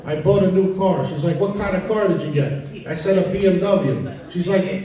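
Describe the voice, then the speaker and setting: Deadpan stand-up comedian, echoey room. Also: male voice, high voice, normal speed. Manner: deadpan storytelling, acting out quoted dialogue. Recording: echoey room, mic at a distance. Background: audience laughter.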